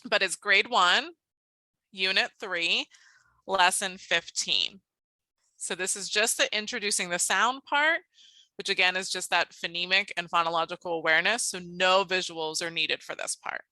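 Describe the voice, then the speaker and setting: Bright-voiced woman presenting a model lesson. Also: fairly low pitch, normal speed, dry recording, low-quality recording. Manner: upbeat, animated teacher voice in the modeled lesson; explanatory, steady presenter talk. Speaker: teacher presenter.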